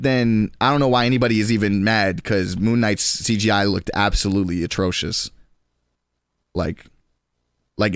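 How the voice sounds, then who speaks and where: A young man in his twenties chatting casually on a stream, slangy and rambling, with quick restarts. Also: fairly low pitch, no echo, studio quality.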